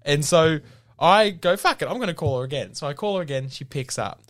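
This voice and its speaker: Giggly, animated man telling a story. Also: brisk. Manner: animated, giggly, mimics others in a high voice. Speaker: podcast host. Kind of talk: casual comedic storytelling.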